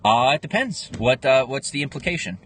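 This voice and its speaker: A man's voice: mid-range voice, big pitch swings, brisk. Man in his twenties, casual livestream talk, rambling, answering comments, slight background noise. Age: 20s. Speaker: livestream host. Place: home livestream, in Pennsylvania.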